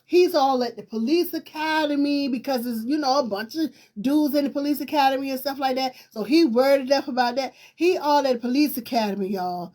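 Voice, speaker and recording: High-voiced woman telling a story. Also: fairly quick, few pauses. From Virginia. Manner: lively, emphatic, laughs while telling. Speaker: talk show host. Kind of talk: storytelling to viewers.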